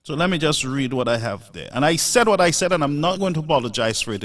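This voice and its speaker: A man's voice: fairly high pitch, lively intonation, fast talker, few pauses, a bit bright, distant mic. A man hosting a live show, delivering an emphatic, preachy monologue full of rhetorical asides.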